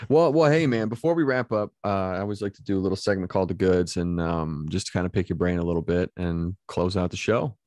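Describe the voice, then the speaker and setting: A male podcast host telling a story in casual chat, animated and laughing often, restarting his sentences as he goes. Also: deep voice, fast, few pauses, dry recording, studio quality.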